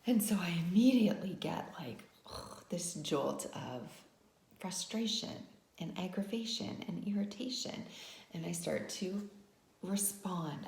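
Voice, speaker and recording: Gravelly, low-voiced woman. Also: darkish tone, echoey room. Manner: conversational, with frequent "right?" asides. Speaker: wellness vlogger. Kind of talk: personal story told as a lesson.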